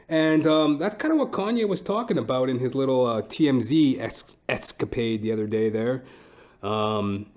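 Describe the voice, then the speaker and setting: A young man hosting a podcast in a loose monologue. He tells stories, swears freely and gets animated. His voice sits at an ordinary pitch for a man. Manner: profane, storytelling, animated. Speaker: podcast host. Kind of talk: casual monologue.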